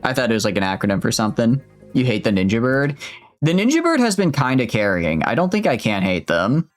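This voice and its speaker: A male streamer talks his way through a video game in a loose, rambling manner, often cutting himself off mid-sentence and going off on tangents. His voice sits at an ordinary middle pitch, with quiet music running underneath. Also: big pitch swings, normal speed. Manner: rambling, chatty, self-interrupting, reads game dialogue aloud. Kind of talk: casual let's-play commentary.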